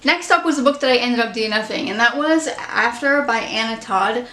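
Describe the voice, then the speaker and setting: A woman's voice: on the high side, fairly quick, bright, forceful tone, echoey room. A woman casually chatting through her monthly book reviews, candid and opinionated. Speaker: book vlogger.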